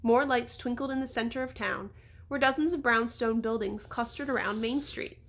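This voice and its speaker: Brief: relaxed woman narrator, fairly high voice, home read-aloud. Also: normal speed, a little hiss or hum. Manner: relaxed, with small slips and asides. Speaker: audiobook reader. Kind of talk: casual storybook read-aloud.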